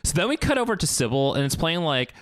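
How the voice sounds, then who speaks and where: A man's voice: on the high side, big pitch swings, fast, a bit bright, dry recording. A man co-hosting a podcast, retelling a cartoon episode in casual chat and acting out quoted lines. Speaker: podcast co-host.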